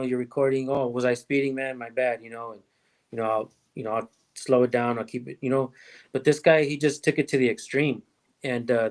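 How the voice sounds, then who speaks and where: A man hosting a livestream about police accountability, talking in a rambling, reflective way that often trails off. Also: medium pitch. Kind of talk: casual livestream chat.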